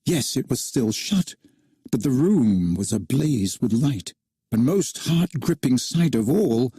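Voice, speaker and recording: Husky, warm-voiced man reading a storybook. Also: mid-range voice, no echo, clean studio sound. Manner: expressive, animated narration.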